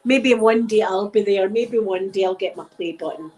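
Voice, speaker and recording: This ASMR channel host is a tipsy Scottish woman rambling openly in a relaxed live chat with her viewers. She speaks in a slightly mellow mid-range voice at a moderate pace, and the audio is poor.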